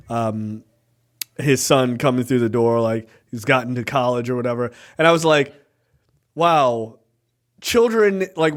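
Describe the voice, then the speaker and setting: A man in his thirties co-hosting a podcast, casually retelling a movie with lots of swearing and laid-back storytelling. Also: medium pitch. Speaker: podcast co-host. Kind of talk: casual movie review chat.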